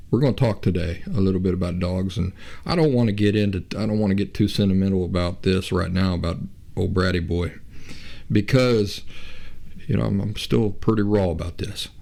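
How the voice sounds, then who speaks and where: A man hosting his own show, talking in a reflective, unhurried way with frequent restarts and pauses. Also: low-pitched, vocal fry, mellow. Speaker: podcast host. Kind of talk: reflective casual talk.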